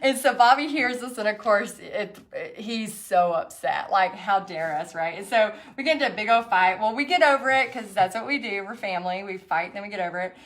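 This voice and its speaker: Animated and a little fast, with few pauses, the middle-aged woman's mid-range voice has a slight brightness. She's running an online painting class, casually chatting and laughing a lot as she tells a story.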